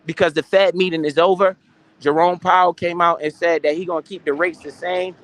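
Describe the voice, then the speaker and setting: A young adult man hosting a casual finance live stream. He talks in an animated, slangy and profane way, asking questions and answering them himself. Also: high-pitched, a little fast, no room sound.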